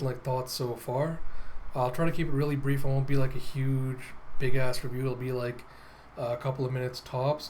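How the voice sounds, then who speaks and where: A man hosting a casual comic readthrough, excitable and enthusiastic, laughing often. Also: medium pitch, a little hiss or hum, low-quality recording. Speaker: host.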